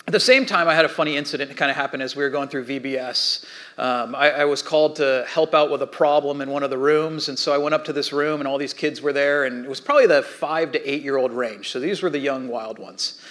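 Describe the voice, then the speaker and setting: A man preaching a sermon as pastor, telling a story and acting out shouting children. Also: on the high side. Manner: storytelling, animated voices for quoted kids.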